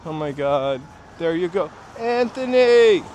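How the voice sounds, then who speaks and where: A man's voice: medium pitch, a little slow. A man from New Hampshire hosting a casual walking livestream outdoors at night, rambling through nostalgic stories and talking to viewers. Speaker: livestream host. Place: outdoors on a city street at night. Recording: street traffic noise behind. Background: passing cars and city ambience.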